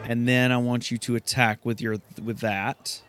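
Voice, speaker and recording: A man casually narrating a fantasy game he is playing, excitable and swearing at setbacks. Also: medium pitch, normal speed, music in the background. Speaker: gamer. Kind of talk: let's play commentary.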